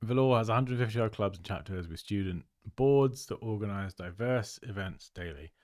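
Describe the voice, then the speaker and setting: A man's voice: fairly low pitch, normal speed, a little mellow, no echo, studio quality. Chatty man reviewing designs. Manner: chatty and upbeat, often laughing. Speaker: host reviewing viewers' design work. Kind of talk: casual livestream commentary.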